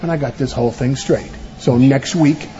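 An actor playing a smooth-talking wrestling manager, pleading and fawning in a televised backstage promo, played back from a broadcast. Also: male voice, medium pitch, moderate pace, warm tone, muffled recording, soft background music, close to an everyday voice. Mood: scheming.

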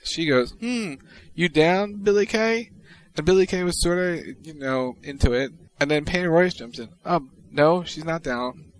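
A man co-hosting a podcast, reading out tweets in casual chat with a wry, deadpan delivery. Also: fairly high pitch, moderate pace, rough recording. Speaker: podcast co-host.

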